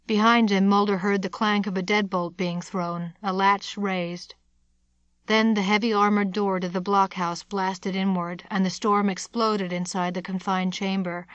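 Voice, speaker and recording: A woman narrates a thriller audiobook in a measured, steady way, at a mid pitch. Her close studio mic gives a dry sound with no room in it. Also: no echo.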